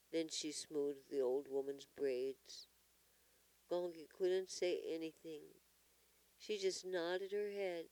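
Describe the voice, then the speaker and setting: A storyteller reading a children's story aloud in an expressive manner. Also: mid-range voice, dry recording, rough recording.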